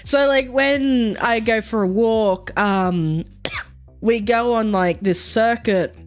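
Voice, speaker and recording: A woman's voice: fairly high pitch, slow, faint music behind. A woman chatting casually on a stream, rambling and swearing freely with plenty of fillers.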